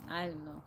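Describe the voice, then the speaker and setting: A woman's voice: on the low side, vocal fry, background noise. A woman from Texas chatting casually on a phone livestream, laughing often and answering viewer comments. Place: outdoors in nature.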